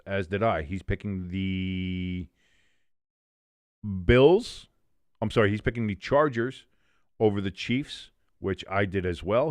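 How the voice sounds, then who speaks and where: A man hosting a casual sports preview, running through his picks in an animated, jokey, chatty way. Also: on the low side, no room sound. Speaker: sports show host.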